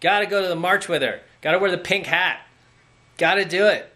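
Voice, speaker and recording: A man's voice: high voice, brisk, bright, forceful tone, pitched above the performer's own voice. A man parodying an earnest, obedient guy. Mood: mock-earnest. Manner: mocking, sing-song earnestness.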